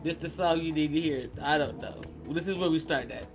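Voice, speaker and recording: A woman hosting a casual livestream. She chats in an animated, teasing way, laughs often, and restarts her sentences a lot. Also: deep voice, a little fast, low-quality recording. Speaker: livestream host.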